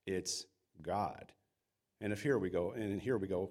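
Guy preaching a sermon, kinda low voice, earnest and emphatic, does little quote voices. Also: unhurried, a little mellow. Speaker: pastor.

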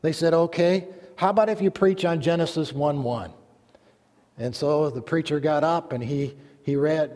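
A pastor delivering a sermon, reading scripture aloud and telling a folksy joke in an earnest manner. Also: male voice, a little high, normal speed, a little mellow. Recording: long hall reverb.

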